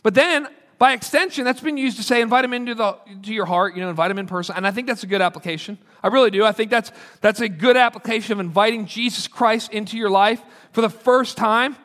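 Speaking fast in a high, slightly bright voice, a pastor gives an earnest, conversational sermon to a congregation, performing the lines he quotes. There's long hall reverb on the recording.

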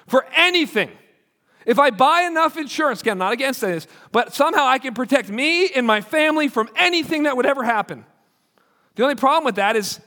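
A man's voice: extremely high pitch, sharp tone. A man preaching a sermon as pastor, in an emphatic, urgent way. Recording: long hall reverb.

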